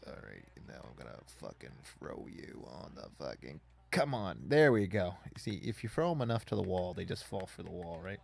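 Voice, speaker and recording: A man's voice: sits low, big pitch swings, normal speed, gravelly, few pauses. A man casually commenting on a wrestling video game as he plays, rambling and swearing in frustration at it. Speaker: gaming YouTuber.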